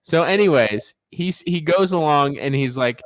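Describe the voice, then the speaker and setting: A man's voice: a little high, expressive, a little slow, no room sound. Man host of a casual podcast, dry close sound, loose and joking. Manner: laughing, loose, jokey retelling. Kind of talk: casual banter.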